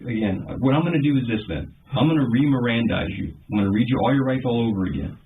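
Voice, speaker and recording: A man working as a detective, calmly explaining procedure to a suspect in an interview room. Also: mid-range voice, fast talker, creaky. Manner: calm, procedural. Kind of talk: interrogation talk. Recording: tinny bodycam audio with faint noise.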